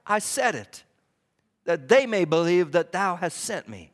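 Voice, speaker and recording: A man preaching a fervent sermon in a church, repeating his lines and swinging from loud to hushed. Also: high-pitched, big pitch swings, a little slow. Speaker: pastor. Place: church hall. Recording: long hall reverb.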